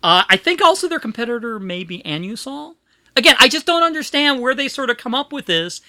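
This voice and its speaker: Bright-voiced woman telling a rambling story. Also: on the high side, sing-song, brisk, no echo. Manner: rambling, chatty storytelling with frequent laughs. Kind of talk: casual chat.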